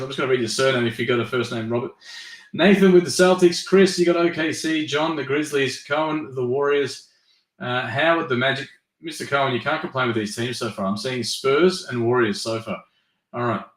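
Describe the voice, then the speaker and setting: A man hosting a live-stream trading card break, tired and yawning, chatty as he reads teams and cards in quick lists. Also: mid-range voice, a bit bright, roomy sound. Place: at a desk during a live stream.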